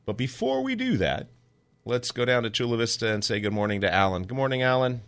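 A man's voice: mid-range voice, very animated, brisk, a bit bright, no room sound. A man hosting a radio gardening call-in show, playful and joking with his co-host. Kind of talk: casual radio chat.

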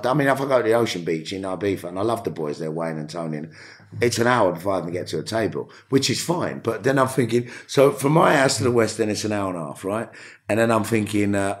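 A middle-aged man with a London accent, an actor telling stories as a podcast guest, animated and swearing freely. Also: fairly low pitch, fast talker. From England. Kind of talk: casual podcast interview.

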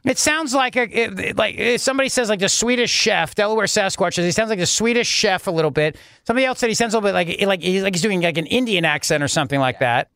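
A man's voice: high voice, fairly bright tone, smooth, dry recording. A male talk radio host giving sarcastic, mocking commentary. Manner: sarcastic, mocking, rapid asides.

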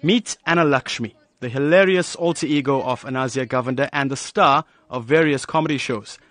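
A man's voice: medium pitch, brisk, a bit bright. A male news reporter narrating a light feature in a polished, upbeat way.

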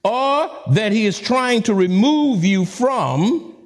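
A man as a pastor preaching a sermon, dramatic, swooping from soft to high. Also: animated, takes it slowly.

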